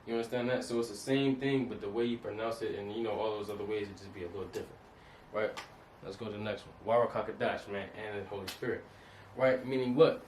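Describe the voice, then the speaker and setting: A man's voice: on the low side, fairly even intonation, fast talker, a little mellow, far from the mic, slight background noise. A man teaching Hebrew words from slides in a casual lesson, often checking that listeners understand. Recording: echoey room, off-mic.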